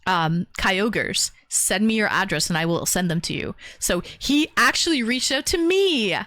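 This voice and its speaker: Chatty female streamer host, animated delivery, dry close sound. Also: mid-range voice, a little slow, dry recording. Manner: bubbly, chatty, lots of fillers and laughs. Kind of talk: casual livestream chat.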